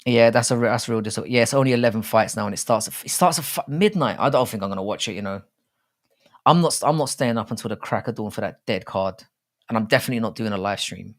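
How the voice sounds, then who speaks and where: A man's voice: fairly low pitch, fast. A young man hosting a casual live stream, rambling and swearing freely with many restarts.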